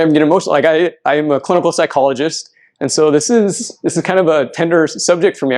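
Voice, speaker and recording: A man, a clinical psychologist, giving an earnest presentation at a health fair and often checking in with "right?". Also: medium pitch. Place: event room.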